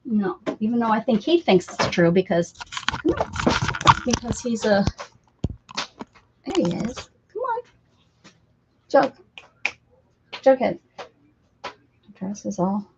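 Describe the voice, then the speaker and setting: In a mid-range voice, slow and with frequent pauses, a woman chats on a casual livestream from her craft room. She calls her cats in coaxing, sing-song baby talk, sometimes dipping into soft whispers, and the dull lo-fi sound carries faint noise.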